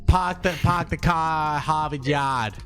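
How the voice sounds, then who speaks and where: A man's voice: on the high side, unhurried, fairly bright tone, faint music behind. A man voicing a brash working-class Boston guy in a put-on Boston accent, drawling and boastful.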